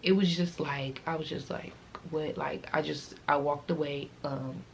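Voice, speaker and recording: A woman's voice: sits low, steady tone, measured pace, gravelly, a little hiss or hum. A teenage girl vlogger telling a casual, rambling storytime, fighting back tears as she talks.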